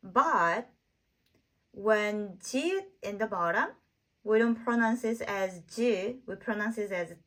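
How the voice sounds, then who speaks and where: Female tutor, bright clear tone, very slow and deliberate drilling of sounds. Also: mid-range voice, expressive, low-quality recording. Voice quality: simple non-native English with grammar slips. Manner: slow, deliberate, repeats single sounds for learners. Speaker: Korean language teacher. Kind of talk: slow step-by-step pronunciation lesson.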